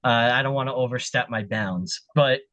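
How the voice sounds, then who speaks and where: A man appearing as a podcast guest, talking at length in a lively, casual storytelling way. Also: medium pitch, moderate pace, highs cut off.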